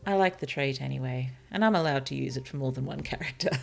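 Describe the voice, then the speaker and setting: A woman streaming as a virtual author, thinking aloud about her novel in a hesitant, musing way, with many fillers and soft laughs. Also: a bass voice, fast, vocal fry. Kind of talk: casual thinking-aloud livestream while writing.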